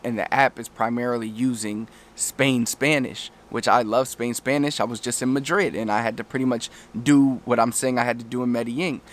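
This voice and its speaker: A language coach with a mid-range male voice gives off-the-cuff travel language tips in a casual talking-head lesson. His delivery is loose and rambling, full of restarted sentences and quick acted-out quotes.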